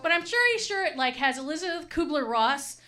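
A woman's voice: sits high, expressive, a little fast, sharp tone, a little hiss or hum. A woman doing a stand-up comedy set, chatty and laughing, with lots of "like" and "right?".

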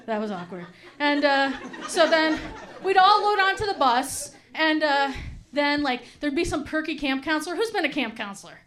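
A woman's voice: high-pitched, lively intonation, normal speed, fairly bright tone. A woman doing a stand-up comedy set, chatty and laughing, with lots of "like" and "right?".

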